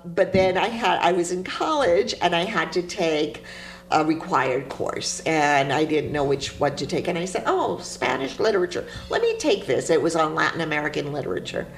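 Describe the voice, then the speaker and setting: A Cuban-born woman poet talks through her life in an interview, animated and quick to laugh. Her voice sits a touch low, and a faint hum runs underneath. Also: rough recording. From Cuba. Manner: animated storytelling, laughs often. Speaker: poet guest. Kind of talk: interview conversation.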